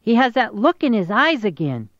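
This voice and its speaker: A woman's voice: fairly high pitch, big pitch swings, moderate pace, no room sound, lo-fi sound, pitched above the performer's own voice. A woman voicing a cheeky bossy little sister. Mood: teasing.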